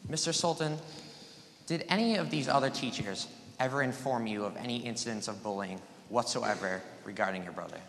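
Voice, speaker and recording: The recording, slightly hissy or humming and set in an echoey room with long reverb, captures a teenage boy cross-examining a witness at a mock trial. His mid-range voice is brisk, gravelly and fairly bright as he pushes leading questions and interrupts for yes-or-no answers.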